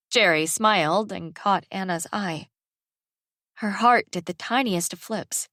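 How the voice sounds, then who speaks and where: A woman with a mid-range voice tells an audiobook story from a script at a measured, even pace. There's no echo, and the studio sound is clean.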